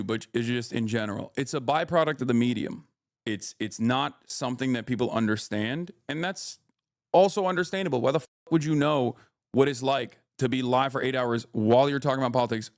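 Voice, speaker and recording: A man's voice: medium pitch, no echo, clean studio sound. A man ranting heatedly to his livestream chat about politics, profane and combative.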